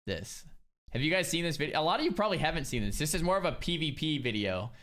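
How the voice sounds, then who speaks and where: Young male streamer; lively, chatty reaction commentary with a bouncy pitch. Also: fast. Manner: lively, laughing, restarts sentences.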